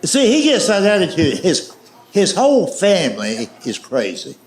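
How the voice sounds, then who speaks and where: A man doing stand-up, spinning folksy family stories in a drawling, deadpan way. His voice sits a little high and swings up and down with a lot of life. It is heard through a stage mic in an echoey live room with a faint hum behind it. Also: moderate pace, a faint crowd. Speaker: stand-up comedian. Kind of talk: stand-up storytelling. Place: comedy stage before a live audience.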